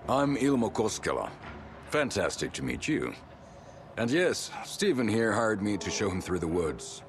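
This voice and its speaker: Genial game guide: bouncy low voice, hearty and talkative. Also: male voice, big pitch swings, measured pace, a little hiss or hum. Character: friendly, chatty male local guide. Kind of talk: video game dialogue.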